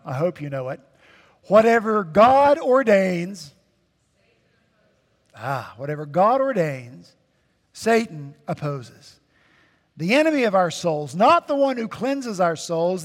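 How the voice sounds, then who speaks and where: A male pastor preaching a sermon, slow and emphatic, with dramatic pauses and repetition. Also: high voice. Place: church sanctuary. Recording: long church hall reverb.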